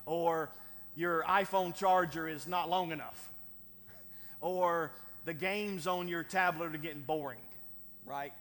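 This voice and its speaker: High-voiced preacher in a reverberant hall. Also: male voice, fairly even intonation, takes it slowly, fairly bright tone. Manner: conversational preaching with frequent "right?" asides and chuckles. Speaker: pastor. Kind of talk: sermon.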